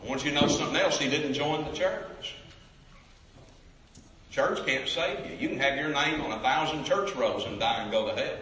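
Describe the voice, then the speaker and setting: A man's voice: fairly high pitch, normal speed, a bit bright, slight background noise. A man preaching an evangelistic sermon, calling out to the crowd for responses. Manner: emphatic, calls out to the crowd for responses. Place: large church sanctuary. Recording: echoey hall, from a distance.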